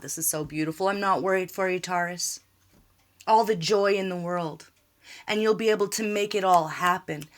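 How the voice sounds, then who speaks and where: A woman's voice: on the low side, a bit bright. A woman giving a tarot reading, talking earnestly and reassuringly, repeating short words of encouragement. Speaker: tarot reader.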